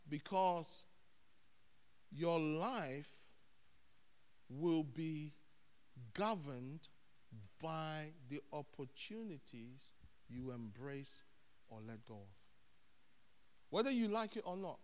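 A man preaching a sermon as a pastor, animated, dropping to hushed tones and then rising loud. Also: on the high side. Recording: long hall reverb.

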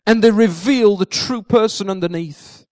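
A man's voice: high voice, moderate pace, dry recording. A man preaching a sermon, retelling a story with energy, acting out the characters' words and repeating key phrases for emphasis. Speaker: pastor.

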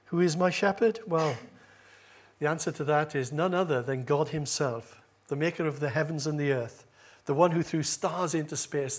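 A man preaching a sermon at a church service, earnest and building in volume on key phrases, with gentle asides and small hesitations. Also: a little high, moderate pace.

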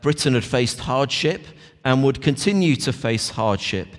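A male preacher of middle pitch gives a morning sermon in an informal, chatty way, often turning to his listeners. His voice rings out with a long, echoing reverb from a church hall. He sounds like he is talking with the people in front of him rather than reading to them. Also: expressive, measured pace. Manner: conversational, talks straight to the congregation.

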